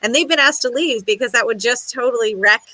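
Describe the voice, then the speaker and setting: Bright-voiced woman explaining earnestly. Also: on the high side, brisk, low-quality recording. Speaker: guest paranormal investigator. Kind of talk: casual podcast chat.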